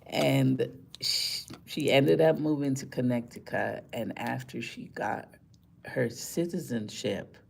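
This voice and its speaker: A woman talking casually to live-stream viewers, chatty and indignant, repeating words for emphasis, tired after a rough morning. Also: a bass voice, slow, slight background noise.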